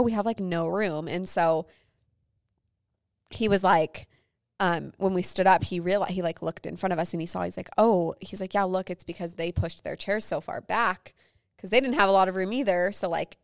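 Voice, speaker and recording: A woman's voice: fairly low pitch, normal speed, clear, resonant tone, no echo, studio quality. A young woman co-hosting a chatty podcast, telling stories and laughing until she cries. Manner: giggly, laughs until crying, chatty storytelling. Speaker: podcast co-host. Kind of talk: casual chat.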